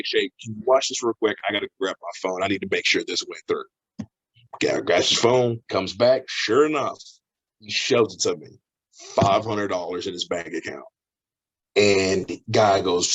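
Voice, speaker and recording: A man, a professional wrestler, telling a story in a casual interview, animated and laughing as he acts out the voices of the people in it. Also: lowish voice, breathy edge, poor audio.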